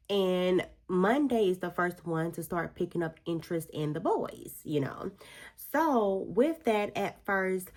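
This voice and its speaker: A woman's voice: on the low side, a little mellow. A woman vlogger chatting through a book review while doing her makeup, telling the story expressively with slangy asides.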